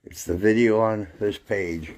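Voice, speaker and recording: A man's voice: lowish voice, fairly even intonation, unhurried, a little mellow. A man hosting a paranormal livestream, chatting casually while walking around indoors in an old house. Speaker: paranormal show host.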